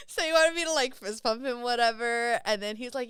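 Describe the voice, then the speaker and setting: A woman's voice: fairly high pitch, animated, moderate pace, pauses often, fairly bright tone, smooth, no room sound, studio quality. A young woman co-hosting a podcast in casual chat, bubbly, laughing often and acting out quoted lines. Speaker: podcast co-host. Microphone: studio podcast mic.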